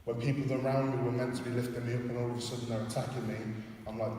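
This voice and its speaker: A man preaches a sermon with earnest, impassioned conviction, stepping into quoted prayers and scripture. His pitch stays fairly flat and even. He sounds distant from the mic in a big echoing hall. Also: quick pace, slight background noise. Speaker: pastor. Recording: echoey hall, from far off.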